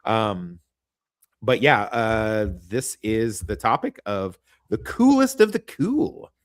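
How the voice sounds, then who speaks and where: A man's voice: on the low side, big pitch swings, slow pace, no echo, studio quality. A man from Kansas, hosting a crude, rambling podcast chat. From American Midwest, Kansas. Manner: profane, rambling, laughs often. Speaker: podcast host.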